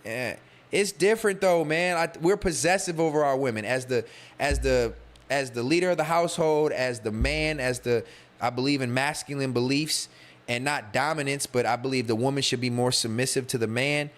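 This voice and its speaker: A man's voice: medium pitch, moderate pace. A young man hosting a livestream, riffing loosely and profanely and talking straight to his chat. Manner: loose, slangy and profane, talks to chat directly. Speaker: podcast host streaming live. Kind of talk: casual livestream monologue, reading chat.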